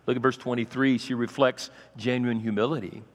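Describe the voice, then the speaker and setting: A man pastor preaching a sermon, swinging from loud, raised passages to quiet asides. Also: medium pitch, level tone, fairly quick, in a large hall.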